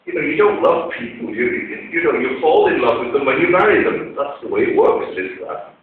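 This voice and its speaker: A man's voice: medium pitch, huge pitch swings, fairly quick. A man giving an Islamic talk to an audience, telling conversational stories with quoted dialogue, heard in a large hall. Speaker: Islamic lecturer. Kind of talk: storytelling religious talk to an audience. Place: large echoey lecture hall. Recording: tinny, echoey hall recording from far off.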